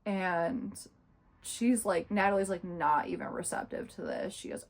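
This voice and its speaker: A young woman in her twenties reviews a book in a casual, sarcastic chat full of fillers. Her voice is fairly low-pitched with vocal fry, and she takes her time.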